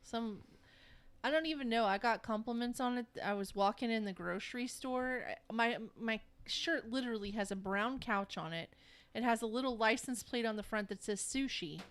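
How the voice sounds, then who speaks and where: A woman co-hosting a family podcast, wry and teasing, quick to laugh in casual chat. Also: a little high, clean tone. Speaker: podcast co-host.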